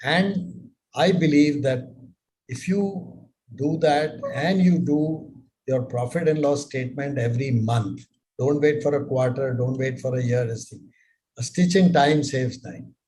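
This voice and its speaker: An older man giving business advice in a live mentorship session, speaking in a measured way with many rhetorical questions. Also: mid-range voice, a little mellow, rough recording.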